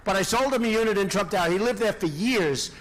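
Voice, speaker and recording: A presidential candidate giving a rambling, off-the-cuff rally speech, repeating himself and throwing asides to the crowd. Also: male voice, high-pitched, quick pace, a bit bright, a little hiss or hum. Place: large indoor rally venue.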